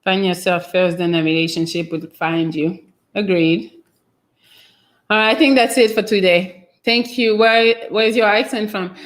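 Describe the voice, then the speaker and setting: In a steady, medium-pitched voice, a woman from France speaks a little slowly while hosting a casual stream. Her French accent colors a rambling chat where she reads comments from viewers and trails off with filler words.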